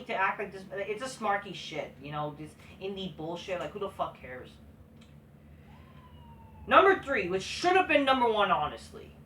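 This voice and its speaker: A man ranting in scornful, heavily sworn commentary, often building to a yell. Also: extremely high pitch. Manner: scornful, swearing, rising to yelling. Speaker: wrestling commentary vlogger. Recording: roomy echo, far from the mic.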